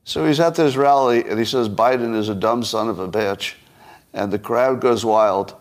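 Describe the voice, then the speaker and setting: A man's voice: mid-range voice, moderate pace. Wry man musing on the news. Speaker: podcast host. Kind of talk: solo political commentary.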